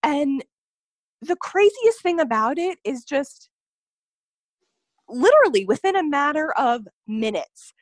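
A young woman with a high voice and big pitch swings speaks slowly, leaving long pauses, as she earnestly tells a personal story on a podcast. She fills it with "like" and "you know," and there's no room sound.

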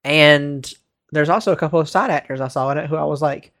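A man's voice: a little high, quick pace, fairly bright tone. A young man from Baltimore co-hosting a podcast, rambling and laughing often in casual chat. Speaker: podcast co-host.

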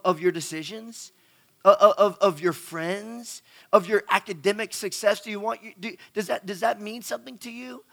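A man's voice: sits high, creaky, fairly bright tone. A middle-aged man preaching a sermon, chatty and asking the audience questions, often repeating words as he goes. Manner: conversational, asks the crowd questions, repeats words.

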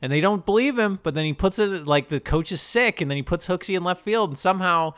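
Guy with a bright, sharp voice, sorta high, riffing on a movie plot and cursing a lot. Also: fast, smooth. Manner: joking, profane, animated retelling. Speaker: podcast co-host. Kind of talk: casual movie recap chat.

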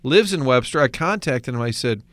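A man hosting a podcast in a casual conversation, an animated storyteller who acts out the voices in his anecdotes. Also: medium pitch, normal speed, no echo. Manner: animated storyteller acting out quotes. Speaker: podcast host.

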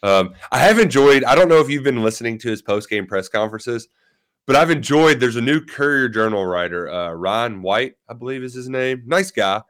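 A man's voice: mid-range voice, moderate pace. A man co-hosting a sports talk show as a beat reporter, rambling with many fillers. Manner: rambling, many fillers, animated when retelling exchanges.

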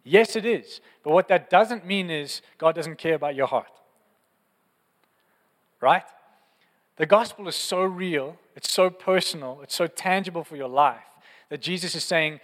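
A man's voice: on the high side, unhurried, pauses often, fairly bright tone, big-room sound. A man preaching a sermon in an earnest, passionate, conversational way, often repeating phrases. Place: church.

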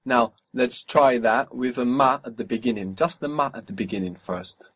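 A man's voice: mid-range voice, normal speed, husky. A man teaching a spoken language lesson, patiently asking for phrases, repeating each answer back and explaining pronunciation.

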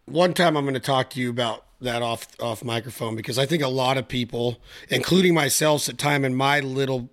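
A man hosting a podcast, talking casually and enthusiastically, halting and restarting as he goes. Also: mid-range voice. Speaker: podcast host. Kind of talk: casual chat.

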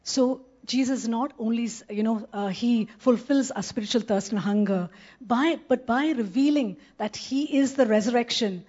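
A woman's voice: on the high side, darkish tone. Earnest woman preaching, slightly muffled sound. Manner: earnest, slows down to stress scripture. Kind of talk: sermon.

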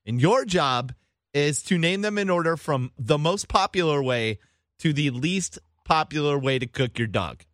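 Man, playful podcast host, quizmaster, animated intonation, slightly high voice, dry close sound. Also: moderate pace, no room sound. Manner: playful quizmaster, laughs often. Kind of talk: casual chat.

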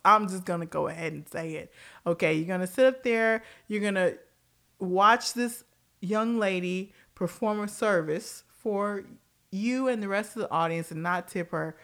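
A woman's voice: mid-range voice, fairly bright tone. A woman hosting a casual pop-culture commentary show, blunt and profane, laughing often and jumping between tangents.

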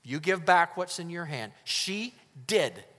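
A male pastor preaches with a fairly high voice and real fervor, dropping from ringing declarations to near-hushed appeals. His words trail off into the long echo of a church hall. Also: very animated, measured pace. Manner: emphatic preaching that swings between loud and hushed. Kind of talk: sermon.

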